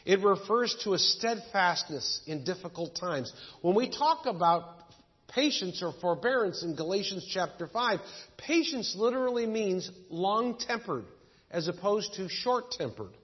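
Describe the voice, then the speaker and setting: A man's voice: high-pitched, lively intonation, a little slow. A pastor telling folksy stories and jokes while preaching a sermon to his congregation. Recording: dull echoey church recording.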